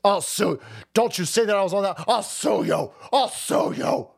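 A man's voice: high-pitched, animated, normal speed, gravelly, full character voice. A man mimicking a whiny, defensive celebrity who keeps threatening to sue.

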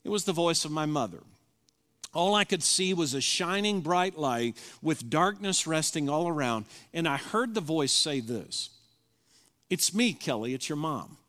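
A man's voice: fairly high pitch, animated, normal speed, a bit bright. Man in his fifties preaching in a reverberant hall. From Southern US. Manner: emotional storytelling, reading from a journal. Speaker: pastor. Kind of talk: sermon. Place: church sanctuary.

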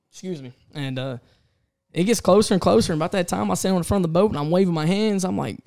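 Animated man telling a story. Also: on the high side, fast. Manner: animated, swearing, acts out the voices of others. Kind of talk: casual storytelling among friends.

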